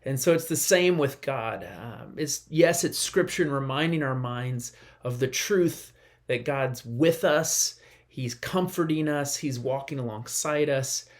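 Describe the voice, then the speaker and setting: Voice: mid-range voice, a little slow. A pastor and parent giving a short devotional message in an earnest, conversational way, sometimes acting out quotes in a raised voice. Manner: parent sharing a family example.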